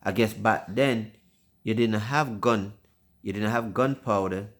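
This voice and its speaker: A man's voice: fairly low pitch, measured pace. Rambling man chatting casually. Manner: rambling, repeats phrases, stumbles over words. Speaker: father hosting a family video. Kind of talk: casual family chat.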